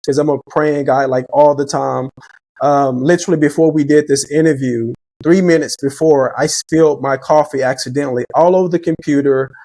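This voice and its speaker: A man's voice: on the high side, fairly even intonation, moderate pace, dark tone, no echo. A middle-aged man telling personal stories as a podcast guest, reflective and earnest, often restarting his sentences. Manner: reflective, faith-driven, repeats words when starting sentences. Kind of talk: earnest conversational storytelling.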